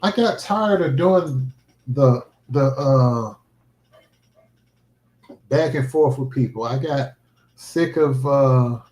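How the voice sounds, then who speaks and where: Man, earnest vlogger, emphatic and preachy, mid-pitched, roomy echo. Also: slow pace, pauses often, darkish tone. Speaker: livestreaming vlogger. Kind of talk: casual heartfelt livestream talk.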